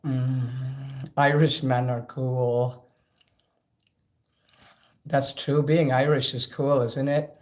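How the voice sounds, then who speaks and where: Slow-talking man chatting on a livestream. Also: mid-range voice, flat delivery, darkish tone. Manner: chatty, thanks viewers by name, rambling asides. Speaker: karaoke livestream host. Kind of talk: casual live-stream chat between songs.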